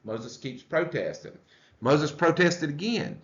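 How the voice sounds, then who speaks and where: Male pastor, unhurried teaching, roomy echo, dull lo-fi recording. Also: on the high side, animated. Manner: unhurried, explains and asks the group questions. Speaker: pastor teaching a Bible study. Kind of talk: conversational Bible study teaching. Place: church room. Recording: echoey room, dull lo-fi sound.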